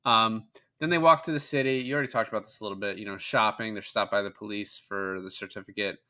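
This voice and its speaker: Bright-voiced man recapping a film casually. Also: on the low side, steady tone, quick pace. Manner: rambling, profane, quotes characters in passing. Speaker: podcast co-host.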